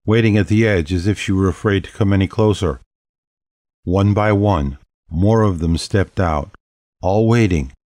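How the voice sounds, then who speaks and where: A man narrating an audiobook in a measured, steady storytelling manner. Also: sits low, dry recording, studio quality. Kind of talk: scripted narration.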